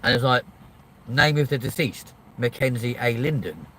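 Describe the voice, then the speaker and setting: Middle-aged male host, lively pitch, casual sweary storytelling. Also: moderate pace, a little hiss or hum. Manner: animated, swears freely, acts out both sides of a call. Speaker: livestream host.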